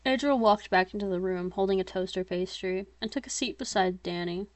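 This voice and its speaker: Woman author reading her own tale, plain pitch, dry close sound, slips into chatty asides. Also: brisk, few pauses, no room sound. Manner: plain steady reading broken by chatty self-mocking asides. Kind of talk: informal story reading.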